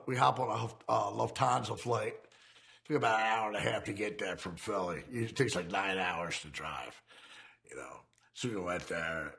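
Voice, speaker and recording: A man with a deeply gravelly, fry-heavy voice recounts his past crimes in a loose, rambling way. He swears constantly and laughs at his own memories as the story spills out. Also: fairly bright tone. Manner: profane, rambling, laughing often. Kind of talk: casual storytelling.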